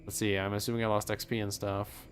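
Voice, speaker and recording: Lets play guy, lowish voice, sarcastic jokes while he plays. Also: level tone, quick pace, a little hiss or hum. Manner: wry, sarcastic joking. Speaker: let's play host. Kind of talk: casual game commentary.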